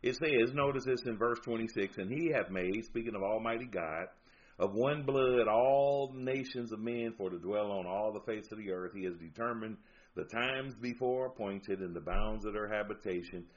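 A man preaching a sermon, reading out scripture verses and pressing his points with emphasis. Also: moderate pace. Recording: dull low-fi recording with faint noise.

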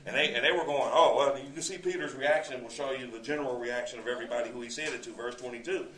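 Rapid-fire and fairly bright at a medium pitch, a male preacher works through a sermon verse by verse. He keeps it conversational, quotes scripture, and asks rhetorical questions, with the distant mic picking up an echoey room.

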